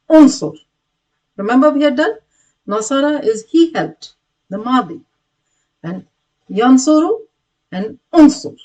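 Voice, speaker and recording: A woman teaching a recorded grammar lesson, patiently repeating words aloud and calling out each drilled word louder with hand gestures. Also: on the high side, rough recording. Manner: patient, repetitive, many restarts. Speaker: Quranic Arabic teacher.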